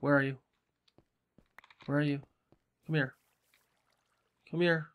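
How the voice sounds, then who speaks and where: A man's voice: fairly high pitch, little pitch movement, normal speed, a bit bright, clean tone. A man from Salem, chatting casually and swearing freely while commenting on his game. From Salem, Massachusetts. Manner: rambling, profane, chatty. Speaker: gaming channel host.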